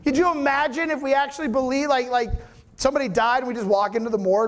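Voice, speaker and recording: High-voiced preacher checking in with listeners. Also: male voice, fairly even intonation, fast talker. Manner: acts out voices in the story. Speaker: pastor. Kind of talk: sermon.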